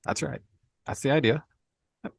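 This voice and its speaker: A man co-hosting a podcast, explaining history in a relaxed, conversational way and checking in with "right?" often. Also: mid-range voice, moderate pace, vocal fry, slightly rough, no echo. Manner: explains with frequent "right?" and "you know". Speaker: podcast co-host. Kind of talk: casual explanatory chat.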